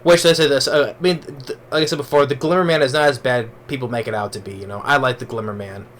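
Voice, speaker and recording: Male movie reviewer, mid-pitched, loose rambling delivery full of restarts, faint background noise. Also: steady tone, fast, a bit bright. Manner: rambling, with many restarts and fillers. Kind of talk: casual spoken movie review.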